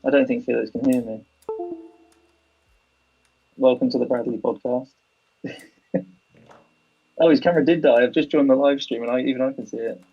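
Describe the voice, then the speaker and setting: A man's voice: mid-range voice, a little fast, vocal fry, long pauses, breathy edge. A man in his twenties from London with a London accent, a guest chatting casually on a live-stream podcast, laid-back and full of "like". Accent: London English. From London, England. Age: 20s. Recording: dull, lo-fi live-stream audio.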